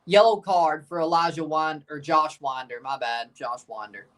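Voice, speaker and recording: A watchalong streamer reacts live to a football match, swinging between muttered grumbling and loud, exasperated shouts. Excitable, with a fairly high pitch and moderate pace, he sits a little back from the mic, so he sounds slightly distant.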